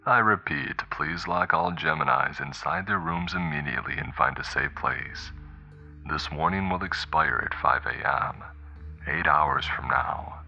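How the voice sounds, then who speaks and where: A man's voice: very deep voice, a little slow, muffled recording, faint music behind, exaggerated voice. A man voicing a drawling campus intercom announcer giving a lockdown warning. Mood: ominous. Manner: drawling, flat.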